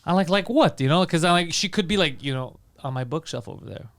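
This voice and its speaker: A man talks quickly in a fairly high voice. He is a podcast co-host spinning a comic story, acting out what his friends said. He is recorded on a studio podcast mic. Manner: rapid, animated, acts out quoted friends. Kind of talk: casual comedic storytelling.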